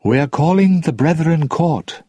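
A man's voice: a little high, animated, a little slow, warm tone, slightly rough, no echo, voice pushed up. Man doing a knowing mystic woman.

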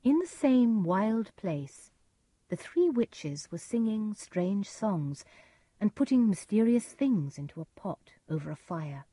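Slow, husky woman narrating a story. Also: mid-range voice, big pitch swings, dark tone, no echo.

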